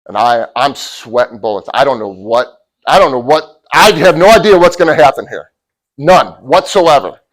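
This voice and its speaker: A middle-aged man giving a motivational talk to college athletes, telling a personal story and swinging from loud bursts to hushed asides. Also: medium pitch, expressive, normal speed, rough recording. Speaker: motivational speaker.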